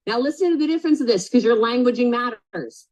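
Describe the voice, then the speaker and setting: A woman's voice: on the high side, animated, fast, darkish tone, poor audio. A woman coaching a group live on a sales call, super direct and emphatic, repeating key points and checking in with frequent "okay?" questions. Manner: casual, swears, checks in with "okay?".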